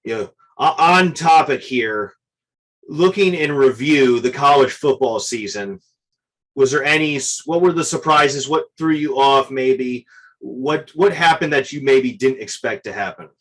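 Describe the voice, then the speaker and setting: A male co-host on a sports talk show asks relaxed, halting questions and passes along viewer comments. His voice is husky and sits at an ordinary middle pitch. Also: rough recording.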